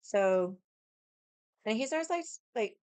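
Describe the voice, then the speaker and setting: A young woman tells a long story at home with a drink in hand, wandering off topic and cursing freely. Her voice is smooth and clear. It is recorded close and dry. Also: fairly high pitch, animated, takes it slowly, darkish tone, no echo. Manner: swears freely, drifts into tangents; drinking while chatting. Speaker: vlogger. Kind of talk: casual storytelling.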